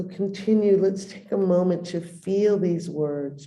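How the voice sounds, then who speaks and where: A middle-aged woman who teaches meditation gives a dharma talk, her lowish voice gently guiding a meditation with long pauses. The recording has a roomy echo.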